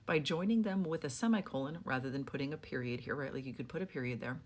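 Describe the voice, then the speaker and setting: A woman's voice: very deep voice, fast talker. A young adult woman who works as a book editor, giving a casual, chatty lesson with lots of "like" fillers. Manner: chatty, frequent "like" fillers, reads examples aloud. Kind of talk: casual explainer lesson on punctuation.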